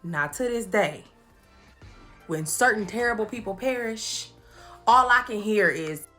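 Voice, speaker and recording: Animated, laughing woman recapping movies. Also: medium pitch, unhurried, faint music behind. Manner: animated, laughing, playful impressions. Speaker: commentary host. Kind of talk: comedic movie recap commentary.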